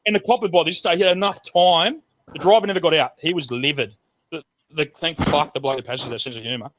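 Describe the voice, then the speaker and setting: A man's voice: on the high side, fast talker, noisy background. A man with an Australian accent telling a rowdy, profane story in casual talk on a group call. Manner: profane, animated yarn-spinner.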